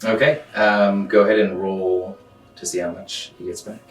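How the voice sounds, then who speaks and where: Deep voiced dude running a tabletop game, lots of ums, echoey room, mic far away, soft music. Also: male voice, level tone. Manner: descriptive, halting narration full of ums and uhs. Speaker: game master. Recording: roomy, distant mic, faint music.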